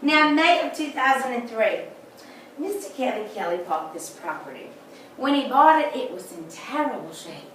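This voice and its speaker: A woman with a drawl leads a house tour in a chatty, folksy way. Her voice sits a little high. She is picked up from across a very echoey room, with a faint hum behind her. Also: big pitch swings, normal speed, fairly bright tone, recorded from a distance. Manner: chatty, folksy storytelling with jokes. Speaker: tour guide. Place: indoors in a large historic house.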